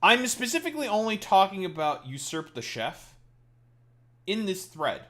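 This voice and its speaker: Man, live streamer, bright forceful voice, swears a lot, rants at chat. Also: high-pitched, big pitch swings, moderate pace. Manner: profane, ranting at chat. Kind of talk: casual live-stream gaming commentary.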